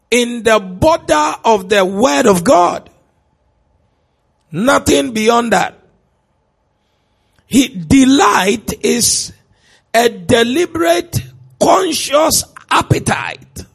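This preacher's voice is very high-pitched, creaky and husky as he delivers his sermon in church. He draws out his shouted lines for effect and poses questions to the people listening.

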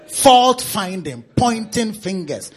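A pastor preaching a sermon in a teasing, repetitive style. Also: male voice, sits high.

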